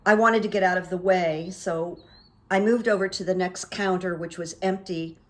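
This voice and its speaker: A woman's voice: on the low side, fairly even intonation, normal speed. A middle-aged woman hosting her own channel, talking through the news in a chatty, opinionated monologue with asides and fillers. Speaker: host of a psychic commentary channel. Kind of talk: casual political commentary monologue.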